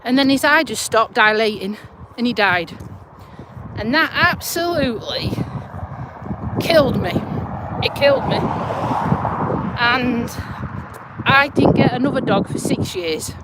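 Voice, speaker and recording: A woman's voice: a little high, animated, a little slow, pauses often, heavy background noise. A woman chatting casually on a live stream while walking her dog outdoors, speaking into a handheld phone in a down-to-earth way with some swearing. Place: outdoors on an urban walk. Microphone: phone held in hand.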